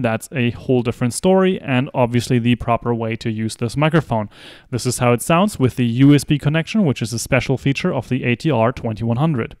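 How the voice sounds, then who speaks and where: A man's voice: mid-range voice, a little fast, darkish tone, no echo. A man methodically demonstrating microphones indoors, narrating each step as he talks into handheld and desk mics from changing distances. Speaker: video creator testing microphones. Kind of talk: explanatory gear demonstration. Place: indoor room.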